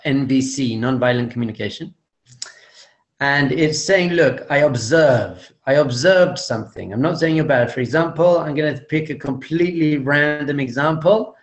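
Man giving a jokey, emphatic talk. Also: a little high. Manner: jokey, emphatic repetition, teasing pauses. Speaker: guest speaker, rabbi. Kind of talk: humorous talk to an audience.

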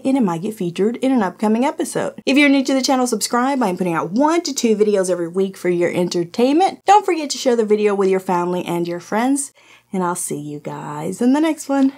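A woman who did not grow up speaking English hosts a casual product review vlog, talking straight to her viewers. Her delivery is blunt and full of laughter, and she swears freely as she tries out a kitchen gadget at home. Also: medium pitch. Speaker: host of a product review channel. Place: indoors at home, in her office.

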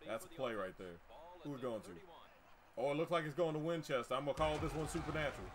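A man's voice: on the high side, fast, a little hiss or hum. A man streaming live gameplay, trash-talking the game in a boastful, profane way.

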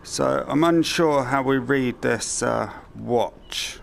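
A man muses aloud through a let's-play, unhurried and gravelly, muttering his plans into a headset mic. Faint game sounds hum behind him. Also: medium pitch. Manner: thinking aloud, muttering to himself. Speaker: gamer.

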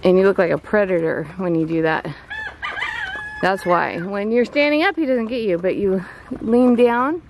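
A woman's voice: mid-range voice, normal speed. Woman, homestead vlogger, teasing and laughing, outdoors on a handheld camera, faint background noise. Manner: playful, teasing, laughs often. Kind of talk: casual vlog chat with her son. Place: outdoors by a chicken yard.

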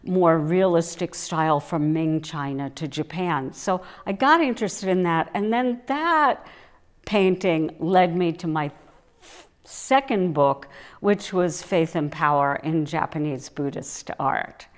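A woman art historian talking through her research path as an interview guest, in a thoughtful, measured way. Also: low-pitched. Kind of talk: recorded academic conversation.

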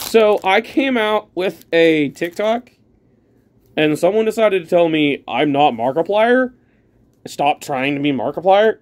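A chatty man opens trading card packs and talks his way through every pull. His voice swings up and down in pitch, and he takes his time, drawing out his words at an unhurried pace. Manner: chatty, excitable, thinks aloud while sorting cards. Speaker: card collector opening packs. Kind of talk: casual pack-opening commentary.

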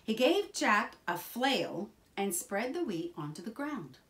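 Slow, expressive woman reading aloud. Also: fairly high pitch. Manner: slow, expressive, sing-song. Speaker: children's book reader. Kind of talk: children's storybook read-aloud.

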